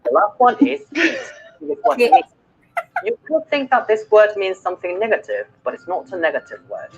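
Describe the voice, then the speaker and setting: A woman presenting a language explainer video, speaking slowly and deliberately. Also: medium pitch, wildly swooping pitch, vocal fry, husky, highs cut off. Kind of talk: scripted explainer narration.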